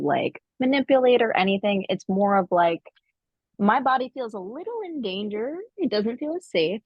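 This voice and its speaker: Husky woman chatting on a podcast, acts out what people said, dry slightly dull sound. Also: no room sound. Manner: animated storyteller, acts out quotes in high voices. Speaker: podcast co-host. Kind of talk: casual podcast chat.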